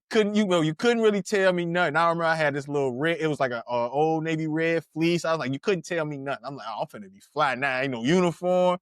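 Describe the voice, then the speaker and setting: A podcast co-host in his thirties spins stories loosely and slangily, restarting sentences and laughing along, his voice sitting a little high. He talks briskly in casual podcast chat, recorded close and dry with no echo.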